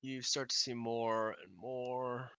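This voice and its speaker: A man running a tabletop game as game master, narrating in a rambling, halting way full of fillers and restarts, over an online call. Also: medium pitch, little pitch movement, bright, forceful tone, clear, resonant tone, no room sound.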